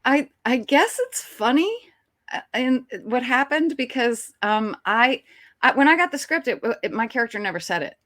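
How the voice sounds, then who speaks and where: A woman who is an actress, telling a story as an interview guest in a lively, chatty way with quick restarts. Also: fairly high pitch, no echo, studio quality. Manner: animated, chatty, frequent restarts and laughs.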